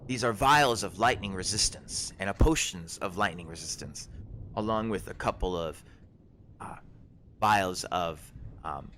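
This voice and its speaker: A man's voice: low voice, measured pace, sharp tone, slight background noise, voice pushed down. A man voicing a shrewd, amused woman who sells potions in a tabletop game, in a drawling, appraising way. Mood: sly.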